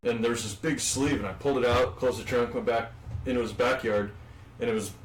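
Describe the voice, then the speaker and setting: A man's voice: medium pitch, a little fast, distant mic. Rambling, foul-mouthed man on a podcast, recorded off-mic in an echoey room with faint hiss. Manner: profane, rambling, animated storyteller. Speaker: podcast co-host. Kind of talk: casual storytelling chat.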